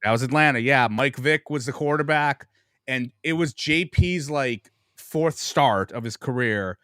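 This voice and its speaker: A man's voice: mid-range voice, a little slow, pushed and bright, clear, resonant tone, dry recording, studio quality. Rambling profane man telling stories. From Buffalo, New York. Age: 40s. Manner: rambling storyteller, profane, self-mocking. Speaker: podcast guest. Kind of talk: casual sports chat.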